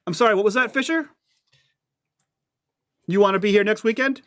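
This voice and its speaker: A man voicing a grouchy vice principal who yells at kids in detention. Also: high-pitched, normal speed, close to an everyday voice. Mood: irritated. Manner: stern, threatening.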